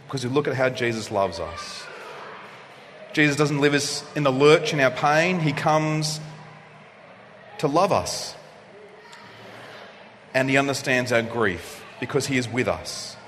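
A male pastor delivering a sermon, preaching expressively and swinging from loud passages to hushed ones. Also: medium pitch, normal speed, pauses often. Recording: long reverb of a hall, faint noise.

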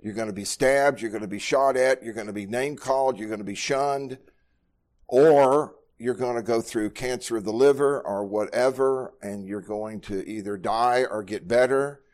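A man's voice: medium pitch, normal speed, darkish tone. A middle-aged man, a pastor, teaching a Bible study sermon in an earnest way, often repeating words as he speaks.

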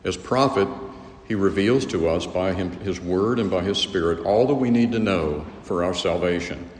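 A man teaching a theology lecture in a measured, earnest way, often restarting his phrases. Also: sits low. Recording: echoey hall, faint room noise.

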